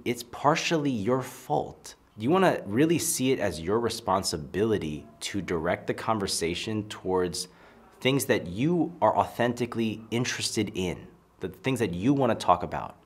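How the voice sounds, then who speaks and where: A man giving casual, emphatic advice on conversation, acting out example lines. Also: on the low side. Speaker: social skills coach. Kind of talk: casual advice talk to camera.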